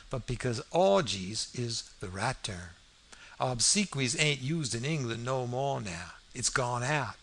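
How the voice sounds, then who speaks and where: A man's voice: mid-range voice, fairly bright tone, a little hiss or hum. A man reading the lines of a smug old male swindler who pompously rambles and poses as an Englishman. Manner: pompous, rambling, self-satisfied.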